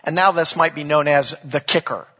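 A pastor delivers a sermon in a chatty way, dropping jokes and asides between scripture readings. His voice sits high and bright with a husky edge. The sound rings through a large church hall on a dull, lo-fi recording. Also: normal speed. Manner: conversational preaching with jokes and asides.

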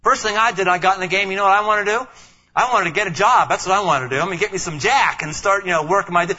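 Male pastor, high bright tenor, animated sermon delivery, acts out quotes, dull lo-fi recording. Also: fast talker. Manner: animated, acts out quoted voices, stumbles and repeats words.

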